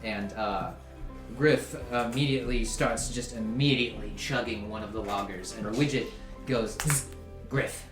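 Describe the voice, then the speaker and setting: A man's voice: lowish voice, moderate pace. Male game master, easygoing narration, roomy sound with music behind. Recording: echoey room with music behind.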